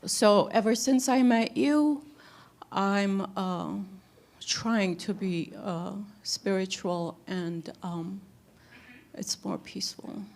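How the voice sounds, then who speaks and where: Breathless lady answering in church, slow and halting. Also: medium pitch, a little mellow. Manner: hesitant, many fillers. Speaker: congregant.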